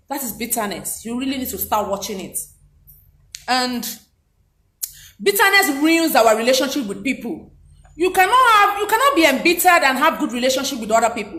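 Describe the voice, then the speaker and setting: Woman, motivational speaker, emphatic and animated, high voice, echoey room. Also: fairly quick. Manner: animated, emphatic, repeats key lines. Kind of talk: motivational talk to camera. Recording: roomy echo.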